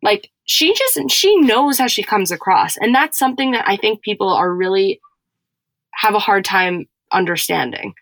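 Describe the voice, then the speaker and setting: A woman's voice: mid-range voice, sing-song, moderate pace, a bit bright, dry recording, rough recording. Chatty woman recapping reality TV. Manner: chatty, many "like" fillers. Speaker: podcast co-host. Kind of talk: casual chat recapping reality TV.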